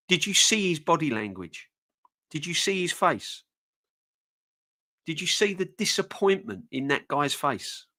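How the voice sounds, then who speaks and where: A man's voice: on the high side, expressive, normal speed, sharp tone. A man hosting a fan channel live stream, ranting with passion and repeating himself. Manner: passionate, fuming, repetitive.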